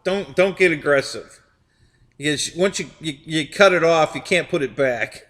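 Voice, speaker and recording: A man's voice: on the high side, normal speed, a bit bright, long reverb tail. A man hosting a live stream, chatting casually with viewers, rambling and repeating his words and laughing often.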